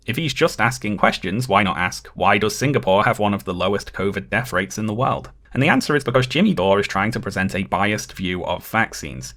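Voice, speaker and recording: A man narrating a scripted video essay in a measured, dryly critical way. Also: lowish voice, a bit bright.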